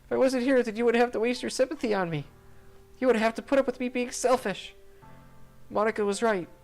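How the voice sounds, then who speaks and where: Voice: animated, moderate pace, faint music behind, lightly acted. A streamer voicing a cheerful but fragile teenage girl in a visual novel, reading her lines in a raised, bubbly voice that can turn tearful. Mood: distraught. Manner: high, bubbly, turning tearful. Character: cheerful, fragile teen girl with sad depths.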